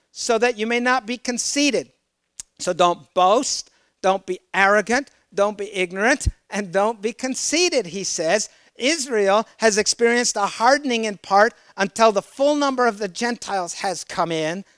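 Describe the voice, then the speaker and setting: High, smooth-voiced male preacher. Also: dry recording. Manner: emphatic, rising to loud exclamations; asks the congregation questions. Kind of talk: sermon with scripture reading.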